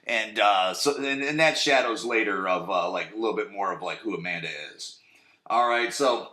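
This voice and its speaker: A podcast host recaps a TV episode in a casual, rambling, crude way, often checking in with "right?". His voice is lowish, bright and forceful, at a normal speed.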